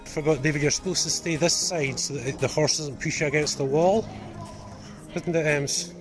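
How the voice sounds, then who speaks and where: A woman's voice: low-pitched, normal speed. A woman chatting casually while filming at a riding stable, cooing at the horses and encouraging her child with lots of tag questions. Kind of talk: casual vlog chat. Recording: music playing over the voice.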